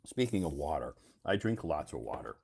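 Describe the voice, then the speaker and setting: A man's voice: extremely low pitch, very animated, moderate pace, gravelly, background noise. A man hosting a live stream, explaining English words in a casual, repetitive, emphatic teacher's way.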